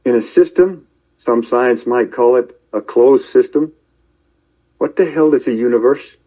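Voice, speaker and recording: A man preaching in a rambling commentary, shouting angry tirades at his listeners and then muttering to himself as he browses his screen. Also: medium pitch, a little slow, rough recording. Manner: addresses listeners directly, calling out believers. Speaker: online preacher.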